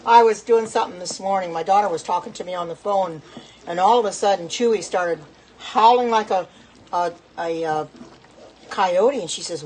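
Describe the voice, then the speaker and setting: A woman's voice: medium pitch, a little mellow, a little hiss or hum, poor audio. A middle-aged woman chatting in a rambling, self-correcting way while cooking at her home stove, talking to her viewers. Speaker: home cook. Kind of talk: casual cooking vlog talk.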